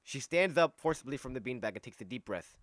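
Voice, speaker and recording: A man's voice: medium pitch, expressive, quick pace, a bit bright, dry recording, studio quality. A man reading a visual novel aloud and commenting as he plays, self-mocking and often restarting lines. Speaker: let's play host. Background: game music.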